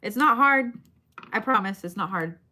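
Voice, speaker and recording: A woman's voice: medium pitch, animated, moderate pace, sharp tone. A woman giving bone readings on a live stream in a casual, chatty way, swearing now and then and talking straight to her viewers. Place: her shop.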